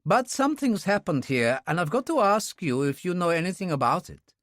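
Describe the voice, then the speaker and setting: Man voicing a higher, anxious pleading man. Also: very animated, fairly quick, a bit bright, no echo, studio quality. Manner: pleading, agitated. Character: anxious apologetic middle-aged man, old friend.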